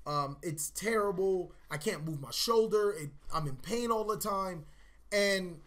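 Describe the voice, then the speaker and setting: A young man hosting a vlog, telling a personal story in a casual, animated way, swearing and acting out his own reactions. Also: high-pitched, unhurried. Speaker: channel host.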